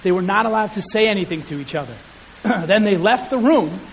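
A high-voiced male pastor preaches to his congregation in an animated, chatty way and pokes fun at himself. His voice rings with a long hall reverb and a faint hiss sits under it. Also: fairly quick. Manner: animated, conversational, self-deprecating humor. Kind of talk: sermon. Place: church sanctuary.

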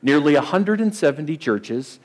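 A man's voice: a little high, sing-song, normal speed. A man, a district superintendent, opening as guest preacher with upbeat greetings to the congregation. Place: church sanctuary.

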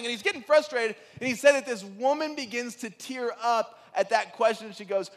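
High-voiced preacher in a reverberant hall. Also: male voice, normal speed, hardly any pauses. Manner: animated storytelling, rising to excited peaks. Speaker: pastor. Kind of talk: sermon.

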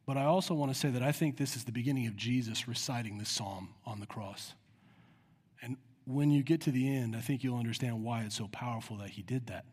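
A man's voice: medium pitch, a little mellow, slightly rough. A man preaching a sermon with earnest emphasis, acting out prayers in a raised voice. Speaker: pastor. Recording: long hall reverb.

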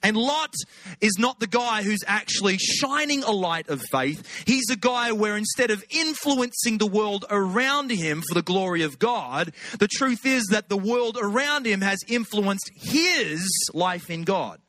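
A man's voice: high-pitched, expressive, unhurried, bright, forceful tone. A middle-aged Australian man giving a chatty, humorous sermon as a guest preacher. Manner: humorous, conversational, chatty asides.

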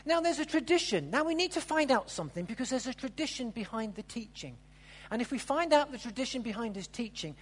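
A preacher delivering a sermon with a husky, slightly breathy voice. The delivery is animated, with pitch leaping up and down as the story unfolds. Loud exclamations give way to quiet, hushed asides. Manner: animated storytelling, acting out the characters' lines.

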